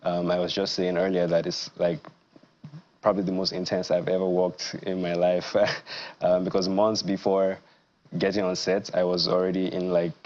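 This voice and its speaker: A young man answers interview questions in a very low, flat voice. He speaks in a measured, earnest way, pausing on fillers. The sound is slightly dull. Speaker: actor, guest. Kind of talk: studio interview.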